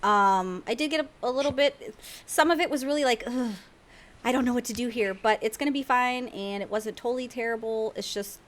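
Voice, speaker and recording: A woman's voice: medium pitch, slight background noise. A woman hosting a gaming podcast, chatty and easy to laugh, talking straight to viewers. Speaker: podcast host. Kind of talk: casual podcast chat.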